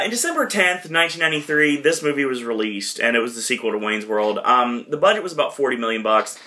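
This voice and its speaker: A man talks through a movie retrospective in a loose, rambling way, leaning on fillers and poking fun at himself. His voice sits at an ordinary middle pitch but has a bright, forward edge. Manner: rambling, many fillers and self-deprecating asides. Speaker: podcast host.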